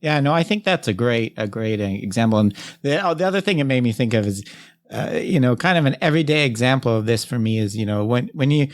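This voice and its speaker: A man's voice: medium pitch, animated, fast. Hesitant male podcast host. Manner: hesitant, many fillers and restarts. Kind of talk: casual interview chat.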